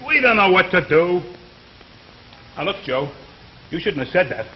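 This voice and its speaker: A man's voice: sits high, big pitch swings, normal speed, a little hiss or hum. An actor playing an easily led American workman who talks hesitantly and stammers. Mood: uneasy. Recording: muffled 1950s television recording.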